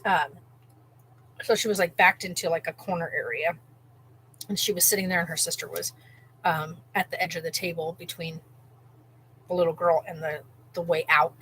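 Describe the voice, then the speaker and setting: Rambling, animated woman vlogger. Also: fairly low pitch, moderate pace, long pauses, slight background noise, poor audio. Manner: rambling and animated, lots of "like" and restarts. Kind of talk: casual storytelling.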